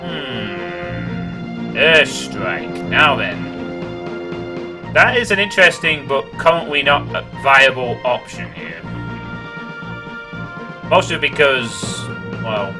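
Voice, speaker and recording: A man's voice: medium pitch, expressive, takes it slowly, pauses often. A man streaming a video game, thinking aloud about his moves and reacting with swearing and groans. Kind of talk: let's play commentary. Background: game music.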